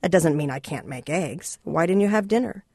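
A reader voicing a warm, proud immigrant man who owns a donut shop, hospitable and gently teasing. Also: mid-range voice, lively intonation, normal speed, slightly rough, no room sound, studio quality. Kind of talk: reading a novel aloud.

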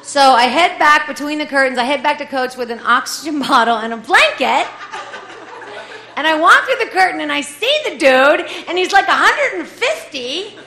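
A woman in her forties tells a comic personal story with lively, animated energy, putting on voices for the people in it. Her voice sits high and moves at normal speed, recorded in an echoey room with faint ambience.

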